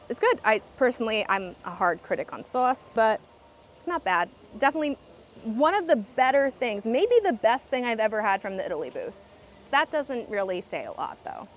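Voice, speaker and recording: A woman's voice: a little high, slight background noise. A woman vlogging candid food reviews outdoors at a festival, talking freely with lots of restarts. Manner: candid and chatty, with frequent restarts and fillers. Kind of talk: casual food review vlog.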